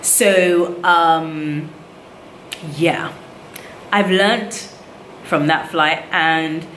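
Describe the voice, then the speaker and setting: A woman's voice: low-pitched, drawn-out words. A woman, telling a casual storytelling vlog about motherhood and acting out the lines of people she met. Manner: animated retelling, acts out others' lines. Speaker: vlogger, new mother. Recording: roomy echo, faint background noise.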